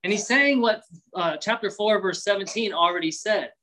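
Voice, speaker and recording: A man's voice: high voice, normal speed, bright, forceful tone, low-quality recording. A man preaching an expository sermon, reading verses and explaining them in a conversational way, sometimes acting out voices. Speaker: pastor.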